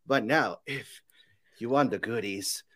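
A man's voice: medium pitch, a little slow, fairly bright tone. A man co-hosting a casual podcast, joking and hesitant with frequent filler words. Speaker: podcast co-host.

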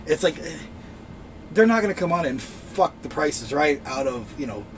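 A man's voice: fairly high pitch, big pitch swings, normal speed, rough recording. A man co-hosting a casual podcast chat, a profane, rambling storyteller who acts out what people said. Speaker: podcast co-host.

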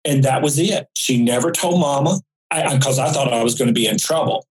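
A man's voice: mid-range voice, a little fast, poor audio. A man from rural North Carolina, a guest on an interview podcast who tells vivid, folksy stories in a casual way. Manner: folksy, vivid anecdotal storyteller. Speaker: guest psychic. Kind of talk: casual storytelling.

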